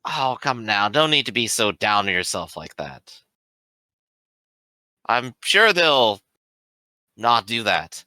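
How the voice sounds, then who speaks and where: A man's voice: lowish voice, sing-song, slow, pauses often, pushed and bright, no echo, heavily acted. A man voicing a cheerfully reassuring male adventurer who talks in a patronizing, soothing way.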